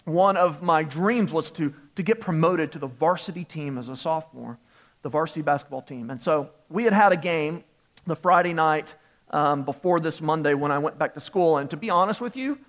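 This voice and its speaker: Laughing storyteller pastor, man, higher voice. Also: moderate pace, fairly bright tone. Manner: self-deprecating, laughing storyteller. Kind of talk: sermon with personal story.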